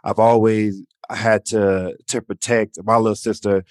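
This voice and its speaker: A man's voice: fairly low pitch, flat delivery, a little slow, a little mellow, no echo, studio quality. A man co-hosting a podcast in casual, emotional chat, often saying "you know" and "man". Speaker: podcast co-host.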